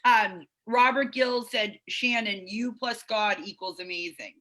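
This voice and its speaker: Bright-voiced woman hosting a video call. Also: medium pitch, fairly even intonation, measured pace, poor audio. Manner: chatty, reads out viewer comments, many fillers. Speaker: host of an online recovery meeting.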